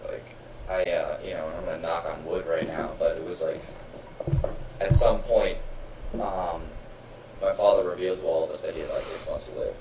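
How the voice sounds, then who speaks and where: A man co-hosting a podcast in casual chat, easygoing with drawn-out reactions. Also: low-pitched, fairly even intonation, far from the mic. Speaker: podcast co-host. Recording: echoey room, off-mic, clear background noise.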